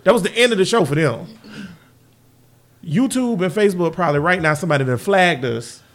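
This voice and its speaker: A man's voice: high-pitched, animated, fairly quick. A man hosting a podcast, talking in loose, joking banter and laughing often. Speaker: podcast host.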